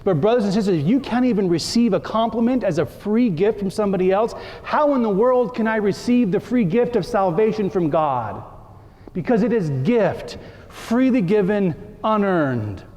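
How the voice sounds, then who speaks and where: A male priest gives a relaxed, conversational sermon at normal speed in a church, his voice high but mellow. To make his point he acts out playful little dialogues for the congregation, while the big hall's long reverb trails after every phrase.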